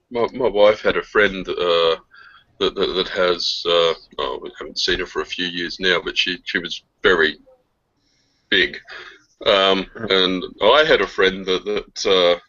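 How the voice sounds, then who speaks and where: A man's voice: sits low, measured pace, fairly bright tone. A man co-hosting a casual online chat show, rambling through anecdotes and laughing often at his own stories over lo-fi call audio. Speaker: podcast co-host.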